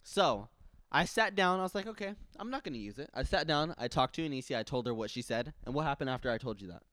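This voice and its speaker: A young man co-hosting a podcast, ranting in a heated, expressive way with a lot of swearing. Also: medium pitch, quick pace, dry recording, studio quality. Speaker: podcast co-host. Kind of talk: casual chat.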